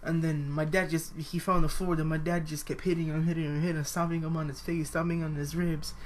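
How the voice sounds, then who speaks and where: A young man telling a personal story in a halting, hesitant way, full of fillers, now and then jumping to a higher voice to quote people. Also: level tone, slight background noise. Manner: acts out quoted voices with sudden high pitch.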